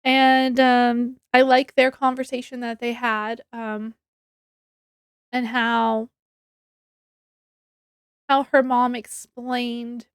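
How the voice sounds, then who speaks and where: A woman's voice: on the high side, level tone, extremely slow, pauses often, smooth, no echo, clean studio sound. A young woman reviewing a book in a casual chat, rambling and correcting herself, with frequent giggles.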